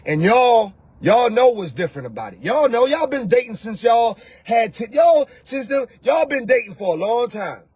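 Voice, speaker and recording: A man, hosting a casual, animated, slangy monologue on relationships as a coach. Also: extremely high pitch, moderate pace, few pauses, husky, no room sound.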